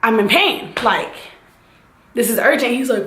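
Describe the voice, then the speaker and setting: A young woman vlogger telling a casual, animated storytime, acting out the voices of the people in it. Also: a little high, a little slow, roomy sound, a little hiss or hum. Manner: animated, acts out voices and sound effects.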